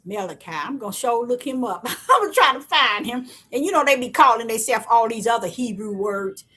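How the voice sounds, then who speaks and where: A woman talks to her online viewers like a street preacher, circling back to the same phrases again and again. Her voice sits high and sounds breathy and a little rough. Her delivery is bright and forward. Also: brisk. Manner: preachy, repetitive, excitable, African American Vernacular English. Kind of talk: casual spiritual talk to viewers.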